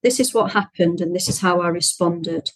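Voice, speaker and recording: A woman therapist as an interview guest, explaining her methods in a measured, encouraging way. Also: on the low side, no room sound, low-quality recording. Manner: measured, explanatory, encouraging, frequent agreeing murmurs. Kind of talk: interview answers.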